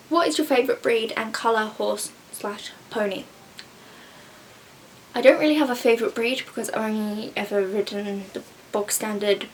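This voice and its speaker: A woman's voice: on the high side, a bit bright, far from the mic, a little hiss or hum. Chatty English teenage girl ranting. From England. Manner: chatty, ranting, exaggerated mimicry of others. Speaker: vlogger answering viewer questions. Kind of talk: casual chat.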